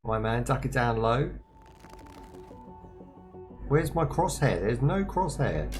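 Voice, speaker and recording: A man's voice: mid-range voice, sing-song, slow pace, music in the background. A young man streaming a survival game, chatting and joking with viewers as he plays. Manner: chatty, joking, talks to chat and to himself. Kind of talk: casual gameplay commentary.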